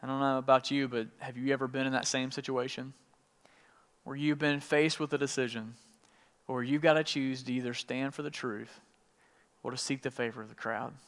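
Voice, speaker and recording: A man preaching a sermon, retelling scripture in casual everyday words and acting out the quotes with lively changes of voice. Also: mid-range voice, moderate pace. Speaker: pastor. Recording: long hall reverb.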